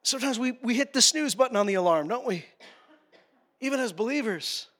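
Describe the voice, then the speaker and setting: A male pastor preaching a sermon, passionate, swinging between quiet, tender passages and loud, urgent ones. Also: very high voice, expressive, a little fast.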